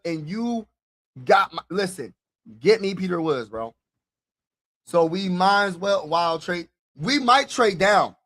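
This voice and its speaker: A young man runs a live draft reaction stream, addressing his audience directly in a casual, excited way and saying things more than once. His voice sits high.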